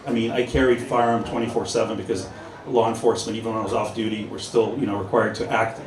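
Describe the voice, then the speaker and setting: With a lowish, fairly flat voice and a quick pace, an ex-police officer tells humorous stories to an audience at a busy indoor pub event, acting out the dialogue. The audio is echoey and distant, with crowd sounds.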